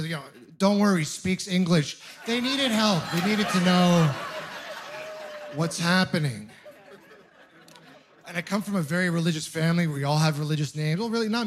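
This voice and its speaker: On a comedy club stage, with the audience laughing, a young comic from Ontario, Canada delivers his stand-up set in a high voice. His storytelling is animated, playful, and self-mocking.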